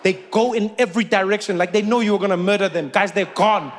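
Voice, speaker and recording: A man with a South African accent telling stand-up comedy stories with animated, repetitive comic timing. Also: high-pitched, quick pace.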